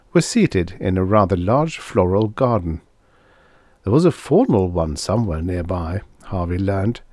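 Man reading sci-fi audiobook, lowish voice that moves around a lot, dry close mic. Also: a little mellow, no echo. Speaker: audiobook narrator. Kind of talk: scripted narration.

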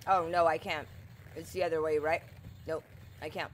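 A woman playing a video game and commenting on it, exasperated, swearing and crying out loudly at the game. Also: sits low, little pitch movement, moderate pace, slight background noise. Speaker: gameplay streamer. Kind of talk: gameplay commentary.

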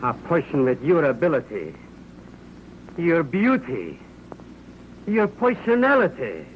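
An actor playing a fawning, nervous middle-aged film producer who wheedles and flatters. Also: male voice, on the high side, slow, full character voice. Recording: dull 1929 film soundtrack, faint hiss.

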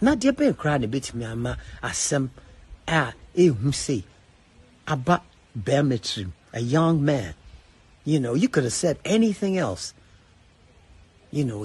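Middle-aged Ghanaian man with a Ghanaian accent, gravelly and hoarse-edged, angry and profane on a social media rant. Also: mid-range voice, darkish tone. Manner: angry, profane, switching between English and Twi. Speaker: entertainer addressing fans.

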